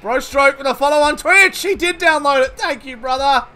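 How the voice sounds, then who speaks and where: A young man streaming a cricket video game live, commentating excitedly, swearing and thanking followers. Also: very high-pitched, moderate pace, soft background music.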